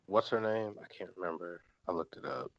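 A man chatting casually as a podcast co-host, dropping quick laid-back asides. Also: fairly low pitch, gravelly, highs cut off. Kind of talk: casual chat.

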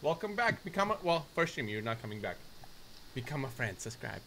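A man hosting a game stream, bantering loudly with friends and greeting chat viewers. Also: mid-range voice, brisk. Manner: excitable, loud outbursts, greets chat viewers. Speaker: gaming streamer host. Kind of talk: excited gameplay banter. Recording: noisy game stream audio.

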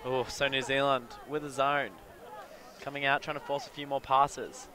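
A man giving live play-by-play commentary at an outdoor sports field, breaking into excited exclamations on big plays. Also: mid-range voice, normal speed, music in the background. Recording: crowd noise from an outdoor field.

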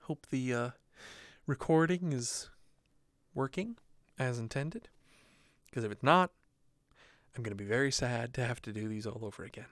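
A man giving casual, excitable commentary while playing a VR game at home, swearing casually and laughing often. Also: mid-range voice, normal speed, pauses often, no echo, studio quality. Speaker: gaming streamer. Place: home room, seated on the floor.

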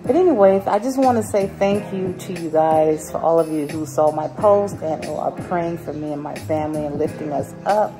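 A woman's voice: deep voice, normal speed, few pauses, over music, rough recording. A woman vlogger talking to her viewers while she drives, chatty and laughing, sometimes out of breath. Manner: chatty, laughs often, talks to herself. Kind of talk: casual chat while driving. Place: inside a car.

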